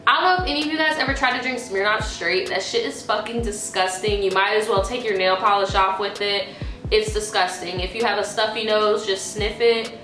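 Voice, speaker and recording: A woman vlogger telling a story in an animated, profane way, acting out quotes. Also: medium pitch, fairly quick, soft background music. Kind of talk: casual storytime. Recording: echoey room.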